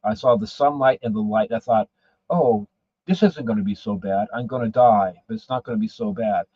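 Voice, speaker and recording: A man's voice: fairly low pitch, normal speed, mellow, slightly rough, no room sound. A man and podcast guest telling a story in a casual, rambling way, often repeating his words. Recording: dull lo-fi sound, dry.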